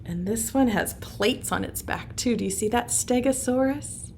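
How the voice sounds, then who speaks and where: A woman teaching a virtual preschool circle time, speaking in a slow, sing-song, encouraging way to young children. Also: on the high side, darkish tone, slight background noise.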